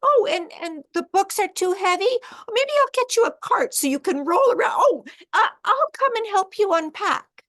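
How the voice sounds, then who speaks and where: A woman voicing an anxious, overeager mother who gushes rapidly as she rushes to help. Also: extremely high pitch, animated, a bit bright, pitched above the performer's own voice. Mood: frantic. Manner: frantic, gushing, rapid.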